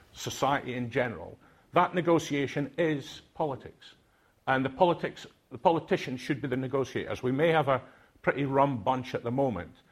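An older man from Aberdeen with a Scottish accent, speaking to a conference audience in a reflective, hesitant way with many fillers. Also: medium pitch. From Aberdeen, Scotland.

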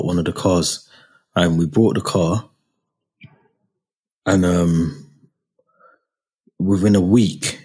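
A young man chats casually. His voice is very low and husky. He tells his story in a relaxed, slangy way. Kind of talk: casual chat.

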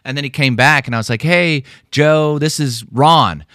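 A man's voice: fairly high pitch, moderate pace, sharp tone, no echo, studio quality. A man co-hosting a casual podcast, telling stories full of fillers and restarts. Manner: rambling storytelling with many fillers and restarts. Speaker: podcast co-host.

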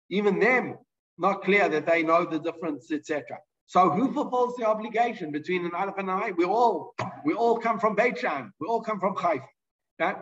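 A man's voice: fairly high pitch, fairly bright tone, far from the mic, highs cut off. A man teaching a Torah lesson, reading Hebrew and Aramaic sources aloud and explaining them in English, with frequent restarts and fillers. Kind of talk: halachic lesson with Hebrew quotes.

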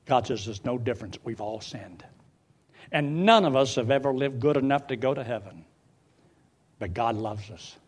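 Older preacher man, fiery sermon, goes loud then real quiet. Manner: fiery, swings from loud outbursts to low quiet pleading.

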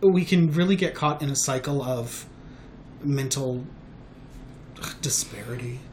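Candid halting man in casual chat. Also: medium pitch, darkish tone, slight background noise. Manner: candid, halting, many restarts. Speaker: podcast host.

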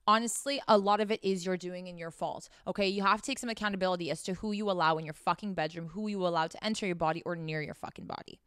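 A woman's voice: lowish voice, fairly bright tone, clear, resonant tone, dry recording, clean studio sound. A young woman hosting a frank, casual monologue, blunt and profane as she talks straight to her listeners. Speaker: host.

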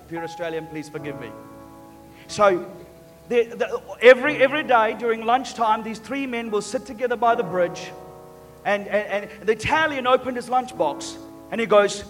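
A man preaching a sermon in a church, emphatic and joking, often repeating words. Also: high-pitched. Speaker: pastor. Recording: long church reverb, faint music.

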